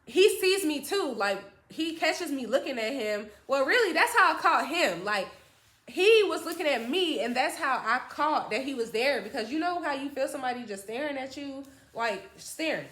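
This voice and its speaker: A woman's voice: high-pitched, moderate pace. Chatty woman telling a story, echoey room. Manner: chatty, animated, acts out quotes from friends. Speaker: storytime vlogger. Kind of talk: casual storytelling to camera.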